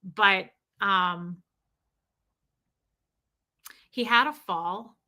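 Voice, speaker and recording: Female livestream host, chatty storyteller, crisp bright tone, stops to read viewer comments. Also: medium pitch, drawn-out words. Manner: chatty, reads viewer comments aloud between stories. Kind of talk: casual storytelling to a live chat.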